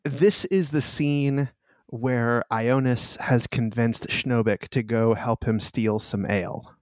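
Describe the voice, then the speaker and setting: A man narrating as game master of a tabletop game, halting with many fillers. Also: mid-range voice, a little mellow, no echo, studio quality. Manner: halting, filler-heavy, laughs often.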